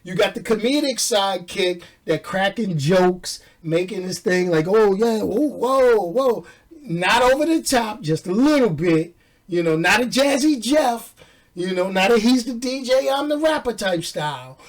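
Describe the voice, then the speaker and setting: A man's voice: high-pitched, lively intonation, moderate pace, far from the mic. A man from New York talking casually and animatedly about a movie, joking, laughing often and using street slang. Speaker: movie reviewer. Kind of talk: casual movie review chat.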